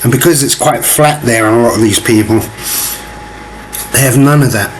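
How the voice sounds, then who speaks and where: A man's voice: medium pitch, moderate pace, slight background noise. A man giving ranting, profane commentary as he reacts to video clips, with mocking laughs.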